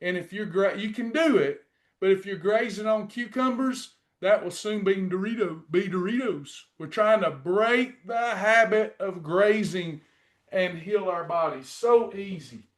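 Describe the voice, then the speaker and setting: A man's voice: sits high, unhurried. A middle-aged man teaching a faith-based weight-loss lesson, preachy and repetitive as he encourages his class. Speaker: weight-loss program coach.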